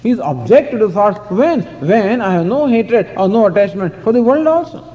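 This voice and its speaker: A man's voice: high-pitched, expressive, moderate pace, mellow. A man giving a scriptural discourse as a spiritual teacher, telling stories with chuckles and saying "you know" often. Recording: dull lo-fi recording in a hall.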